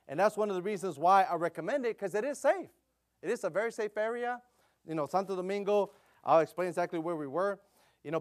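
A middle-aged man preaching a casual sermon, telling stories in a chatty way with lots of "you know" fillers and growing louder when he gets excited. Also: fairly high pitch. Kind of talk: conversational sermon with storytelling.

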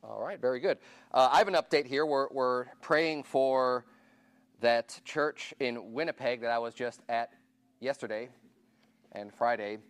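A man's voice: medium pitch, a little slow, clean tone. A man pastor giving casual church announcements to his congregation, informal and chatty, asking the room questions and counting raised hands.

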